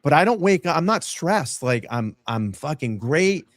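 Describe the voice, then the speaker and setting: A man's voice: fairly high pitch, very animated, moderate pace, dry recording. A man co-hosting a casual streaming chat show, brash and profane, mocking others. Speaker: co-host. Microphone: streaming mic.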